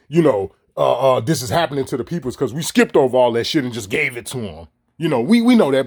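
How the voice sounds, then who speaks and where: A man's voice: medium pitch, very animated, fast, a little mellow, slightly rough. A man ranting to his audience in a heated, profane, mocking monologue full of rhetorical questions. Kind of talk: profane monologue straight to camera.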